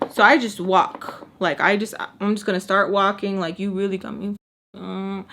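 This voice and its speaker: A woman's voice: medium pitch, a bit bright. A young woman telling a storytime, chatty and sassy, acting out what people said. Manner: chatty, sassy, acts out quotes. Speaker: storytime vlogger. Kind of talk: casual storytime.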